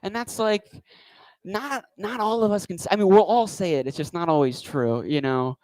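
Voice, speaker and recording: A man's voice: high-pitched, moderate pace, darkish tone, no room sound, poor audio. A man doing a stand-up comedy set on a club stage, talking into a handheld mic with a wry, rambling delivery.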